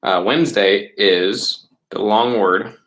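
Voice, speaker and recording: A man teaching a middle school class over a webcam, patient, repeating words slowly and checking in with "right?" and "okay?". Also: on the low side, fairly bright tone, poor audio. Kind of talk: recorded online class lesson.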